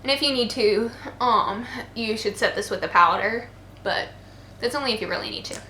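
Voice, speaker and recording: With a slightly high, sharp-toned voice at a moderate pace, a sleep-deprived woman in her twenties talks through a casual makeup tutorial, chatty and playful with joking asides. The room echoes, faint noise is present, and people murmur faintly outside.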